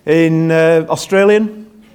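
An older male pastor delivers an informal Christmas sermon, his voice sitting a little higher than most men's. He chats, jokes at his own expense, and keeps asking the congregation to call out answers. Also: steady tone, takes it slowly, a little mellow. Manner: chatty, self-deprecating, asks the congregation questions. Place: church with live congregation.

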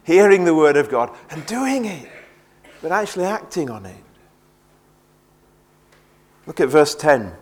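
A man's voice: a little high, big pitch swings, a little slow, long pauses, darkish tone, slightly rough. A man preaching a sermon in an earnest way, often repeating words as he presses a point.

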